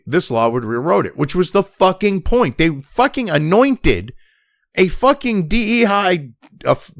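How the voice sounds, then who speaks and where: Foul-mouthed angry man, gravelly voice. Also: high voice, no echo, studio quality. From United States. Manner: angry, crude, mocking, reads news then rants. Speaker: political commentary host. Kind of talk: profane rant over read-aloud news.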